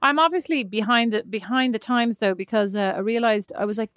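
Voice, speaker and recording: A woman's voice: a little high, a little fast, hardly any pauses, fairly bright tone, dry recording, clean studio sound. A woman in her forties co-hosting a casual podcast, telling stories in a chatty, self-mocking way. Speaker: podcast co-host. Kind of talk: casual chat.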